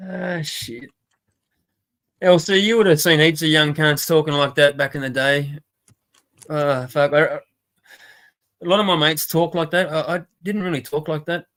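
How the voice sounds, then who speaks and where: A man's voice: fairly high pitch, fairly even intonation, normal speed, long pauses, fairly bright tone. A man hosting a casual livestream chat, rambling, swearing and laughing often. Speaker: stream host.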